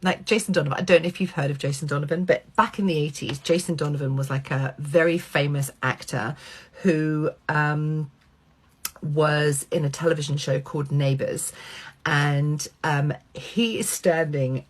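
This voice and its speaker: A middle-aged woman vlogger telling a personal anecdote, animated, swearing freely and acting out quoted lines. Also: low-pitched, moderate pace, slightly rough.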